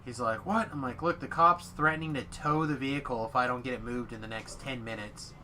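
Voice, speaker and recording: A man chats casually and tells a story with animation, acting out the lines of the people in it. His voice is bright and forward. A faint hiss of noise sits behind him. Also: mid-range voice, steady tone, fairly quick. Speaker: streamer telling a story. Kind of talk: casual chat.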